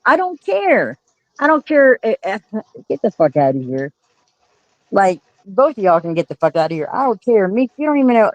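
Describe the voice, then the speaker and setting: A woman's voice: medium pitch, no room sound, low-quality recording. A woman hosting a livestream, scolding her chat in a profane, confrontational rant. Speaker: livestream host.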